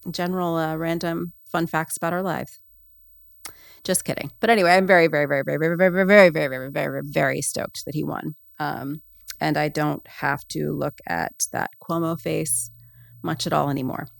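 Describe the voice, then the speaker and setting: A woman's voice: sits low, gravelly, dry recording, clean studio sound. A woman hosting a podcast in casual, comedic chat, rambling and sarcastic with lots of fillers. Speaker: podcast host.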